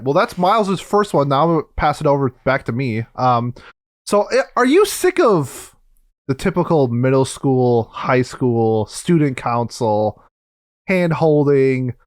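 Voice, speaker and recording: Casting: slightly high-voiced male podcast co-host, rambling casual chat, dry close-miked sound. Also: no echo. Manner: animated, rambling with fillers.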